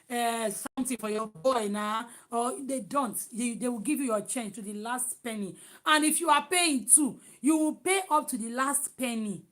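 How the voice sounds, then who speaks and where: Loud, animated Nigerian woman. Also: fairly high pitch. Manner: animated, loud and emphatic, with many restarts. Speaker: vlogger. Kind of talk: casual vlog chat.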